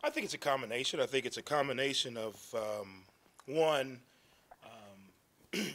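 A man, a head football coach, explaining his thinking at a press conference with many ums, repeated phrases and frequent throat clearing. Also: medium pitch, fairly bright tone.

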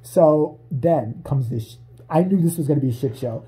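A man ranting in a casual, comedic way, with lots of swearing and frequent laughter. His voice is mellow and dark, and he keeps breaking into silly voices. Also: a little high, moderate pace. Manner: profane, laughing, jumps into voices. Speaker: vlogger.

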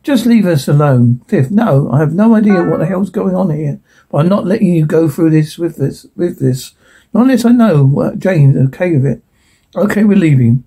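Gravelly-voiced man reading a script aloud. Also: a little high, normal speed. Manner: flat, stumbling read-aloud with stage directions. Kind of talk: one voice reading all parts of a show transcript.

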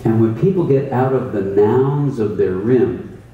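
A man's voice: on the low side, unhurried, phone-quality sound. A man, a mindfulness teacher, explaining his practice in a thoughtful storytelling way. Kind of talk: reflective conversational explanation. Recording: roomy echo, distant mic, faint ambience.

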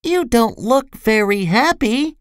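A narrator voicing a tiny cheerful male storybook character, calling up in a small, high voice. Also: sing-song, takes it slowly, clear, resonant tone, no echo, studio quality. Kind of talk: storybook reading.

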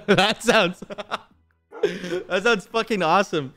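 A man's voice: high-pitched, takes it slowly, a bit bright, faint music behind. A man in his twenties streaming a game, chatting casually with lots of profanity, teasing and laughter. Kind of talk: casual live-stream chat while gaming.

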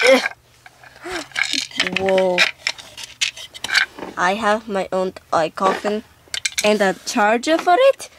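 Heavy background noise sits under this home recording of a woman doing all the characters in a doll video. Her voice is mid-range, and she swaps playfully from one character voice to the next.

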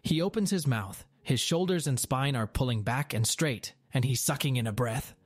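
A man's voice: mid-range voice, normal speed, no echo. A man who works as a store manager, telling a story aloud in a wry, dramatic way.

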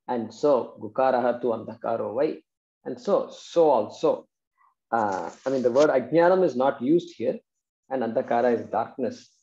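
A Vedanta teacher with a medium-pitched, dark voice patiently explains Sanskrit verses at a moderate pace, checking in with his students. The classroom recording sounds dull and roomy.

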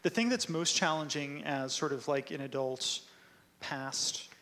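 A man's voice: on the high side, unhurried, bright, forceful tone. A man, a linguist presenter, answering audience questions at a talk in a casual way, often saying "like" and "right?". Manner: casual, many "like" and "right?" tags.

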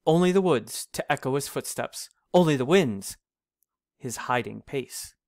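Slow sing-song male storyteller. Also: mid-range voice, no echo, clean studio sound. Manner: measured, sing-song rhyming delivery. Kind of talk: reading an old rhyming storybook aloud.

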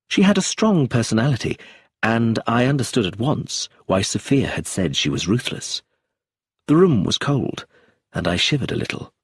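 A man with a husky voice narrating an audiobook in an expressive, measured reading. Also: medium pitch, no echo, studio quality.

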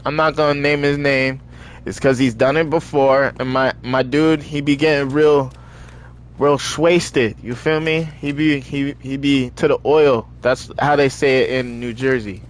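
A young man streaming a video game, chatting casually in heavy slang and telling animated stories between excited outbursts. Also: mid-range voice, normal speed, clear, resonant tone. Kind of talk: casual stream chat while gaming.

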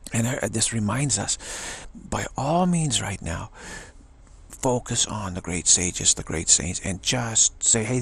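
A man's voice: medium pitch, gravelly, fairly bright tone, husky. A man giving an earnest, rambling spiritual monologue to camera, often restarting his sentences. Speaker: spiritual video blogger.

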